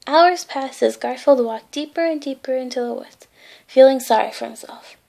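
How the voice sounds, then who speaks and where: High gravelly woman reading a bedtime story. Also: moderate pace. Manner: gentle, with small asides. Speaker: reader.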